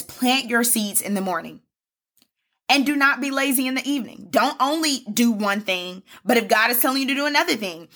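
Woman, podcast host, fervent devotional preaching, fairly high voice, bright forceful tone, repetitive rhythm. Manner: calls listeners baby and y'all.

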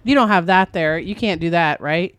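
A woman's voice: fairly low pitch, normal speed, a bit bright, clean tone, no room sound. A woman co-hosting a podcast, chatty and teasing in casual talk. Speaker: podcast co-host. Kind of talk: casual chat.

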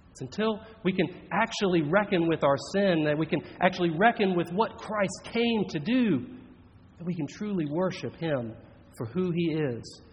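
A man preaching a sermon in an earnest, measured way, slowing down for emphatic phrases. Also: high voice, expressive, husky. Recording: dull audio with long reverb in a large hall.

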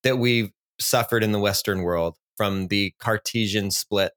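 A man's voice: fairly low pitch, measured pace, fairly bright tone. Reflective man musing on a podcast. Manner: reflective, musing on psychology and myth. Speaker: podcast co-host. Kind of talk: casual podcast chat.

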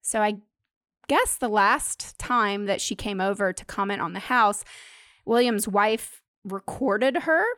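A woman's voice: mid-range voice, takes it slowly, a bit bright, dry recording, studio quality. A woman co-hosting a comedy podcast in casual chat, telling a story, laughing often and trailing off and restarting. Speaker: podcast co-host.

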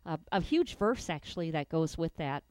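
A woman's voice: low-pitched, lively intonation, normal speed, darkish tone, no room sound, low-quality recording. A woman co-hosting a radio morning show in casual on-air chat, giggly and easygoing.

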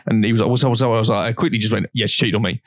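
A man's voice: on the low side, fairly even intonation, racing, no echo, clean studio sound. A young man co-hosting a podcast, telling a long story in a rambling, casual way with plenty of swearing. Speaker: podcast co-host. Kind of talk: casual chat.

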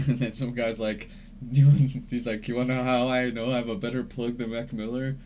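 A man's voice: medium pitch, little pitch movement, moderate pace, dark tone. A young man chatting casually as a podcast co-host, laid-back and swearing freely, often laughing. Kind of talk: casual chat. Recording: faint background noise.

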